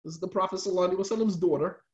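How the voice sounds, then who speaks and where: A man's voice: high-pitched, racing, a little mellow, highs cut off. A man telling a religious story in a casual, slangy lecture style, repeating lines for emphasis.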